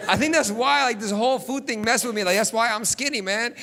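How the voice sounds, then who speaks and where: A man's voice: sits high, expressive, fast talker, vocal fry, few pauses, long reverb tail, background noise. A man doing a stand-up set, telling stories in a loose, chatty way. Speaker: stand-up comedian. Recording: comedy club, loud crowd.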